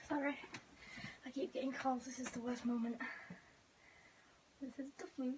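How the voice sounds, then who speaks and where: High-voiced excitable woman vlogging at home. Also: moderate pace, pauses often, noisy background. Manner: excitable and gushing, often dropping to a whisper. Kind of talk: casual unboxing vlog. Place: bedroom at home.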